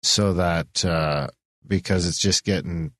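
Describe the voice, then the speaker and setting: A man's voice: deep voice, steady tone, takes it slowly, a bit bright, no room sound, clean studio sound. A man hosting a podcast in casual chat, rambling and swearing freely. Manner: rambling, swears often, restarts a lot. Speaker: podcast host.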